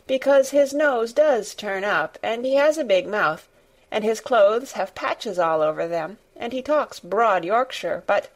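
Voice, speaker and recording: A woman's voice: fairly high pitch, animated, unhurried. Woman reading as a frank, sour-tempered little girl. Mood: earnest. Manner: frank, earnest, snappish.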